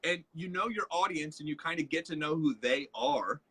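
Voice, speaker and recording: A man talks through a casual live-stream lesson, his voice bright and forceful with a slightly husky edge. He tells stories and often slips into the voices of the people he quotes, animated and a little high. It sounds like an everyday teaching talk. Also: normal speed. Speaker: co-host, leadership trainer.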